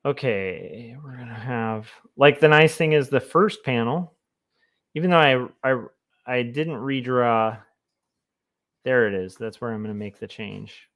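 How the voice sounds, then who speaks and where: A man's voice: medium pitch, a little slow, a bit bright. A man, a comic artist, chatting casually on a livestream in a rambling, self-amused way. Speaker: comic artist streaming his work.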